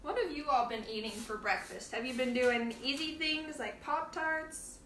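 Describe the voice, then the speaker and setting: A woman's voice: sits high, normal speed, sharp tone, recorded from a distance, slight background noise. A woman hosting a casual cooking demonstration in her home kitchen, chatting playfully and laughing often as she works. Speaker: cooking show host. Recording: roomy kitchen sound, from off the mic.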